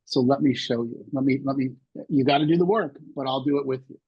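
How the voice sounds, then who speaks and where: Guest, man in his sixties: husky, candid storyteller, dry dull lo-fi sound. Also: medium pitch, fast, no room sound. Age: 60s. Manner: rambling, many restarts and fillers. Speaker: podcast guest.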